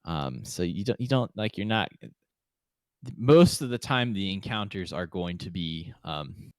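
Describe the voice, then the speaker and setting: Lively low-voiced male podcast host. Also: a little slow, dry recording. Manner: rambling, joking, many fillers. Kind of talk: casual chat.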